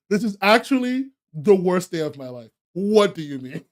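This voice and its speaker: A young man with a high, light voice, hosting a live stream and talking straight to his chat. He laughs often and throws himself into exaggerated, joking outrage. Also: big pitch swings, moderate pace, hardly any pauses.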